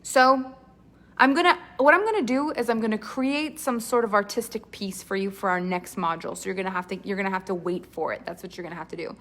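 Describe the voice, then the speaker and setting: A woman's voice: mid-range voice, fast, fairly bright tone. A woman coaching voice acting in a live online class, talking in an enthusiastic, chatty, rambling way.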